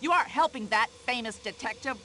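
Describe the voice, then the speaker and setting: Brash, nosy matron. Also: female voice, on the high side, quick pace, bright, forceful tone. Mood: indignant. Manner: indignant, complaining, self-important. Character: brash pushy older American woman passenger. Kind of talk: video game voice acting.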